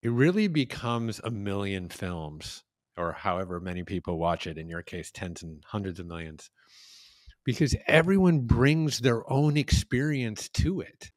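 A man in his fifties hosting a podcast interview, telling reflective stories in a casual, unhurried way. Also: fairly low pitch, expressive, no echo, studio quality. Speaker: podcast host.

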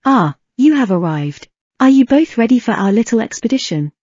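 A woman voicing a poised, calm and commanding elven woman in an audiobook reading, with a measured, steady delivery. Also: on the high side, dry recording, muffled recording.

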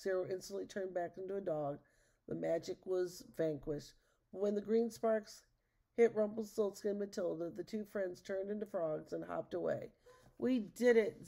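A woman narrating a children's storybook aloud, steady and expressive. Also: on the low side, gravelly.

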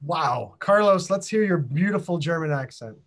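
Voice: medium pitch, animated, normal speed. A host leading a group through a casual chat on a video call, playful and full of questions.

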